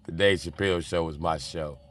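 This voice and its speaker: A man streaming live and reading chat aloud, in loose, animated, profane banter with frequent laughter. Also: very deep voice, slight background noise.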